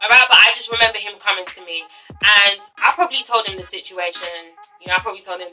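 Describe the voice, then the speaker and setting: A young woman from Ghana telling a storytime vlog, animated and swearing, often calling out to her viewers. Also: medium pitch, quick pace, faint music behind, poor audio. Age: young adult. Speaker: vlogger.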